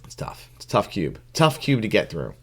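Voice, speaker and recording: Low-voiced rambling male podcast host. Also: huge pitch swings, normal speed, a bit bright, breathy edge. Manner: rambling, full of fillers and restarts. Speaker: podcast co-host and game judge. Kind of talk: casual podcast chat.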